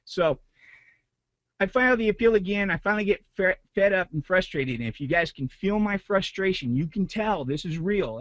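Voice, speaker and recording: A man's voice: high-pitched, expressive, moderate pace, a bit bright, no room sound, dull audio. A man, a business owner, giving a motivational talk to a group, retelling a frustrating story with rising intensity.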